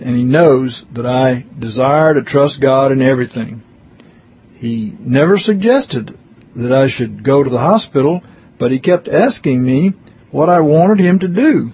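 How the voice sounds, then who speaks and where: A man reads a written testimony aloud in a slow, earnest way, stopping now and then for short remarks of his own. His voice is a little husky and sits at a middle pitch. The recording sounds dull and lo-fi. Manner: slow, earnest reading with brief spoken comments.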